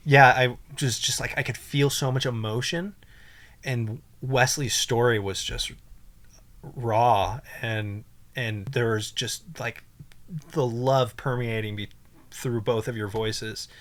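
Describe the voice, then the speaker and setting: A man's voice: mid-range voice, fairly even intonation, slow, a bit bright. Rambling, emotional young man. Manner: rambling, emotional, many fillers and restarts. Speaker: podcast guest. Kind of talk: casual storytelling.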